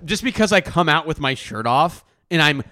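Young man, a co-host, telling stories with laughing; voice rides up and down a lot, a little high, close and dry sound. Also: normal speed, dry recording. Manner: animated storytelling, lots of laughing. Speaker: podcast co-host. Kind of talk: casual chat.

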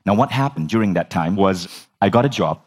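A man in his forties telling his life story with animated, humorous energy. His voice sits a bit low, and he drops the occasional swear word. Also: brisk. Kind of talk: storytelling talk.

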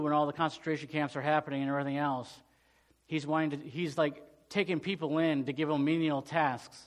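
A middle-aged male pastor delivers a sermon, shifting between loud, urgent peaks and hushed storytelling. His voice sits on the high side.

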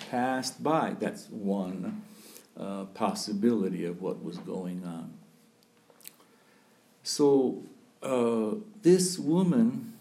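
A man, a priest, giving a slow, thoughtful sermon, pausing often to think aloud. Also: fairly low pitch, creaky, dark tone. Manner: slow, thoughtful preaching with frequent pauses and fillers.

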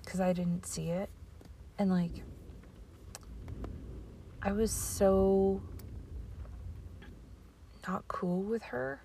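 A woman podcaster unspools a rambling personal story at an unhurried, drawn-out pace. Her voice sits fairly low and carries a gravelly fry, and she often sinks into breathy near-whispers. A faint ambience hums behind her. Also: flat delivery, dark tone, a little hiss or hum. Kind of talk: casual storytelling monologue.

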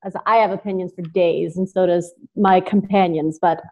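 A woman's voice: fairly low pitch, fairly even intonation, moderate pace, darkish tone, poor audio. A woman co-hosting a podcast in a casual chat, eagerly drawing out her guest. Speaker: podcast co-host.

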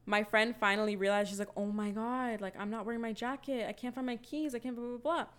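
Young woman ranting thru a story, cussing a lot, doing everyone's lines, clean smooth voice. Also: fairly high pitch, fast talker. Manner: animated, profane storytelling with acted-out quotes. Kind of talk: casual chat.

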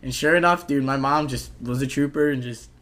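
A young man telling a rowdy story on a casual podcast, animated, swearing and saying "dude" a lot. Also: mid-range voice, fairly quick.

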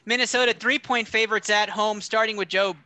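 A man hosting a casual sports picks chat, energetic, running the rounds and calling on each panelist. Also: sits high, fairly quick, no room sound. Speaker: podcast host.

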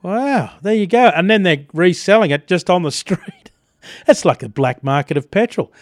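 A man's voice: high-pitched, expressive, normal speed, dry recording. A middle-aged Australian man hosting breakfast radio, telling chatty stories and reading news with frequent chuckles in a studio. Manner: chatty storyteller, chuckles often.

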